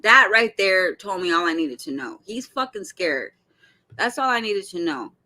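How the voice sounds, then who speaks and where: Bright, animated woman venting to viewers. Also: medium pitch, moderate pace. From Arizona. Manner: animated, blunt, swears freely, talks straight to viewers. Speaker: commentary host. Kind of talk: casual reaction commentary.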